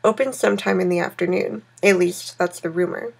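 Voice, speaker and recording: A woman voicing a tired young man calling a friend by phone, in a breathy, sleepy way, in a text game read aloud. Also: lowish voice, a little fast, a little mellow. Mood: helpful.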